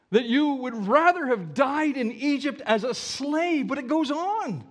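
Animated, high-voiced male preacher. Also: unhurried, hardly any pauses. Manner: animated, rhetorical questions, mock-whiny quoting. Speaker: pastor. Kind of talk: sermon.

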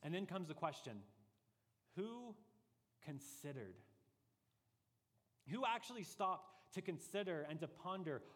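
A man preaching a sermon as pastor, earnest and deliberate, pressing his points with rising emphasis. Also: high-pitched, animated, fairly bright tone, long reverb tail.

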